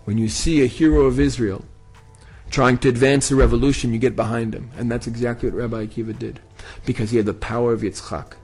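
A man's voice: mid-range voice, fairly even intonation, fast, darkish tone, husky, soft background music. A man teaching history with dramatic emphasis, building to emphatic peaks. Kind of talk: impassioned history lesson.

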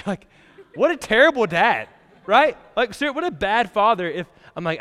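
A man's voice: high voice, sing-song, normal speed, bright, forceful tone. A young man preaching a casual, conversational sermon in a church, chatty and laughing often, with many fillers. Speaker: pastor. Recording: long church hall reverb.

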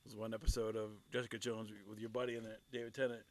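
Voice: medium pitch, little pitch movement, rapid-fire. A podcast co-host in casual chat, giving brief dry replies.

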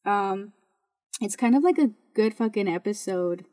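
A woman's voice: mid-range voice, expressive, measured pace, mellow. A woman hosting a podcast in a casual monologue, blunt and full of swearing, rambling with restarts. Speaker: podcast host.

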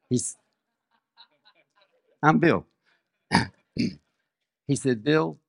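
An older man preaching a sermon, reading scripture and telling personal stories in a slow, measured way. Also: mid-range voice, creaky, a little mellow, no echo, studio quality.

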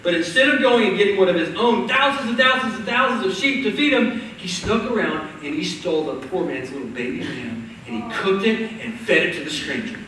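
Animated preacher in an echoing hall. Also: male voice, high voice, brisk, hardly any pauses, a little hiss or hum. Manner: conversational, animated storytelling. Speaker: pastor. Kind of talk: sermon. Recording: echoey hall from far off.

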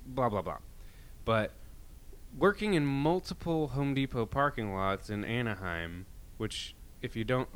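Male podcast co-host, low smooth voice, rambling profane storyteller. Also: a bit bright. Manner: rambling storyteller, swearing, many restarts. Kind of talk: casual chat.

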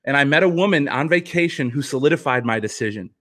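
A man who is a former pitcher and author, telling a personal story as a podcast guest in an earnest, reflective way, often restarting sentences. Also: expressive, quick pace, fairly bright tone.

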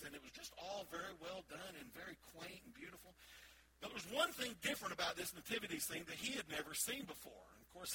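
A man's voice: high-pitched, background noise. A man with a Southern American accent, a pastor giving a chatty sermon that asks the congregation questions. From Southern United States.

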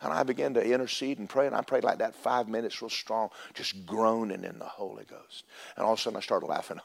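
A man preaching a sermon in a church, telling stories and swinging from loud to hushed. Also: fairly low pitch, a little fast, gravelly, husky. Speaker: pastor. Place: church sanctuary.

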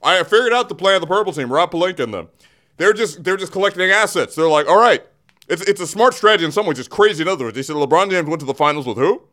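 A man with a fairly bright, high-sitting voice talks at a quick pace and sounds animated. Hosting a comedic sports segment in a radio studio, he does a theatrical in-character rant on a studio mic, breaking off mid-thought and giggling often.

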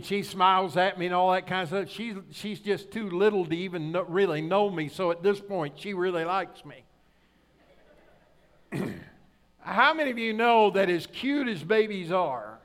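With a fairly bright tone and a pitch higher than most men's, this middle-aged pastor tells a personal story in his sermon. He speaks in a homespun, storytelling way and keeps putting rhetorical questions to the congregation as he builds his argument.

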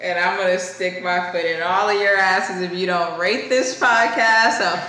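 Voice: medium pitch, steady tone, moderate pace, sharp tone. A podcast co-host chatting casually and playfully. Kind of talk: casual chat. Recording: very echoey room.

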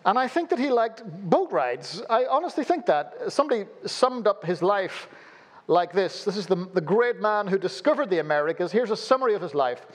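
Male preacher, sermon, high voice, very lively pitch, humorous storytelling. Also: brisk. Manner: animated, humorous storytelling with sudden drops to a low, quiet voice. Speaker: pastor.

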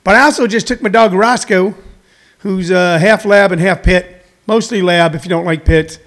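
Man, middle-aged, high voice, rambling, out of breath, live talk host. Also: normal speed, fairly bright tone. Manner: rambling, chatty, jokey asides. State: a little out of breath. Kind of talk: live-stream talk show monologue.

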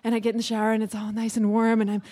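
A woman in her thirties telling a personal story on stage in a chatty, animated way, acting out the dialogue. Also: fairly high pitch, rapid-fire.

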